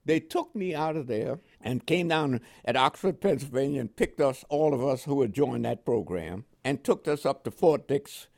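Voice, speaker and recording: Speaking at a moderate pace with vocal fry and few pauses, this older man has a medium-pitched voice. Originally from Panama, he has a New York accent with West Indian notes and relates his veteran experiences in an oral history interview, laughing often and acting out what people said.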